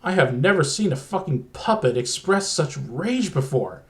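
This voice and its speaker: A man's voice: a little high, animated, moderate pace. A man narrating a crude comedic horror story in a profane, exasperated way.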